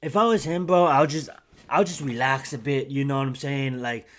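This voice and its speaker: A young man hosting his own channel, chatting casually and excitedly about a fight, rambling with lots of fillers and restarts. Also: medium pitch, moderate pace. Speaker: YouTube channel host. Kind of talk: casual fight commentary vlog.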